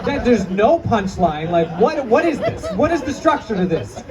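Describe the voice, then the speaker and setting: A man's voice: high voice, sing-song, moderate pace. A man in his thirties doing a profane, self-mocking stand-up set, laughing through his punchlines. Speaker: stand-up comedian. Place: comedy club before a live crowd. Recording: distant stage audio with crowd noise. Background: audience laughter and chatter.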